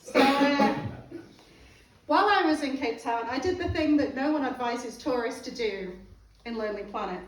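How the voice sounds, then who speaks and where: High-voiced British woman telling comic stories. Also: moderate pace. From England. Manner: laughing at her own jokes, animated impressions. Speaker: stand-up comedian. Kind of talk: comedic storytelling. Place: comedy club stage. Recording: roomy live club from far off.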